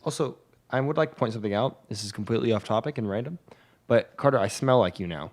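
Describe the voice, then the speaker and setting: A young man co-hosting a podcast in casual banter, joking with deadpan asides. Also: mid-range voice, quick pace. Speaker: podcast co-host.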